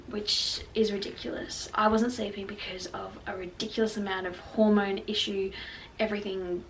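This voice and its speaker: A young woman, telling her personal story in a candid, emotional way and leaning on filler words. Her voice has a gravelly edge. The mic sits a little far off, with faint noise behind her. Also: mid-range voice, level tone, normal speed, fairly bright tone. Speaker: vlogger. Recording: slightly distant mic with faint background noise.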